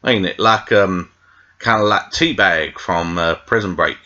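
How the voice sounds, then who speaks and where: A man's voice: low voice, a little slow, pushed and bright, highs cut off. A British man reviewing a TV episode in a meandering, tangent-filled casual chat, full of fillers. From Britain. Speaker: TV show reviewer.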